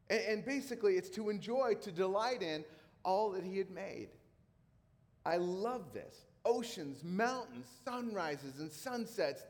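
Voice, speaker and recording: A middle-aged man who is a pastor, preaching a sermon in a casual, conversational way with emphatic repetition. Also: high voice. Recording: long hall reverb.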